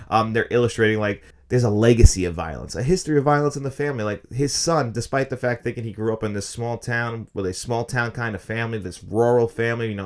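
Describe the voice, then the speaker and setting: A man in his thirties talks quickly through a casual film review, eager and opinionated. His pitch sits in a middling range for a man, and the words tumble out at a brisk clip. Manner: fast, enthusiastic, opinionated talk.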